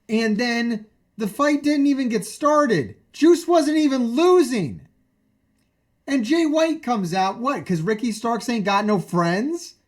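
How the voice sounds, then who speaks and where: A man streaming, ranting about a wrestling show in a profane, excitable way, full of incredulous questions. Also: very high voice.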